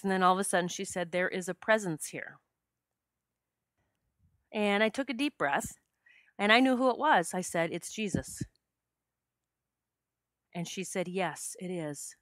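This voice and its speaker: A woman's voice: fairly low pitch, pushed and bright, clear, resonant tone, no echo, studio quality. A middle-aged woman hosting a podcast, telling a personal spiritual story with heartfelt emotion that chokes her up. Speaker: podcast host.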